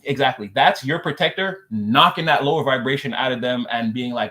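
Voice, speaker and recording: A man's voice: mid-range voice, a little fast, few pauses, sharp tone. A man delivering a loose, rambling spiritual message to his viewers, repeating "again" and circling back on his points. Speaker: spiritual reader.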